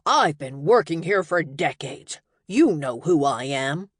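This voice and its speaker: A woman's voice: low-pitched, lively intonation, a little slow, no room sound, clean studio sound. A woman voicing an indignant, pompous gray-haired wizard. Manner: pompous, outraged.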